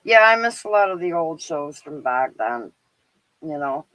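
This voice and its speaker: A woman's voice: low voice, sing-song, unhurried, a bit bright, no echo, rough recording. A middle-aged Canadian woman with a Canadian accent hosting a live stream, chatting casually and rambling with lots of fillers and laughs. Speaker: livestream show host.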